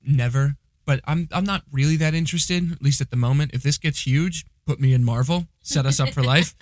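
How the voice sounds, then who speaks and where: A man's voice: on the high side, fairly quick, darkish tone, dry recording. A young man co-hosting a podcast, chatting casually in a joking, self-deprecating way. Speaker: podcast co-host. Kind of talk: casual chat.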